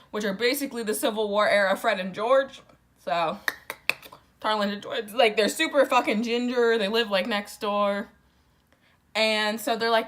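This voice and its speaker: A woman's voice: medium pitch, fairly bright tone. A drunk young woman rambling through a casual, profane book summary with sarcastic asides. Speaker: book vlogger.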